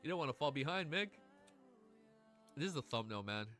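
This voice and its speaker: Excitable, lively-voiced male streamer. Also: medium pitch, fairly quick, soft background music. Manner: excitable, swears often, gushes and laughs. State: emotional, near tears. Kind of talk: casual livestream chat.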